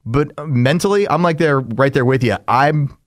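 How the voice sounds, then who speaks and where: A man's voice: medium pitch, normal speed, dry recording, studio quality. Earnest reflective male podcast host. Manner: earnest, reflective, repeats words when starting sentences. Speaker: podcast co-host and sports radio host. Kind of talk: casual podcast chat.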